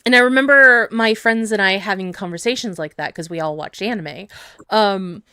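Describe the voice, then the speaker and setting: Smooth-voiced woman host, rambling. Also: medium pitch, moderate pace, sharp tone, no echo, studio quality. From Canada. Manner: rambling, many fillers. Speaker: podcast host. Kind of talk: casual chat over a call.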